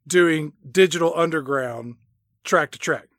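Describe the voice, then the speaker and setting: A man's voice: fairly high pitch, a little slow, a bit bright, no echo, studio quality. A man co-hosting a comedic film recap, wry and sardonic. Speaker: podcast co-host.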